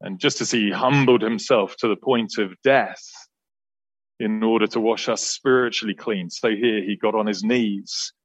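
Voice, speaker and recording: A man preaching a sermon in church, explaining a Bible passage with earnest emphasis that rises and then falls soft. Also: fairly low pitch, moderate pace, slightly rough, no echo, low-quality recording.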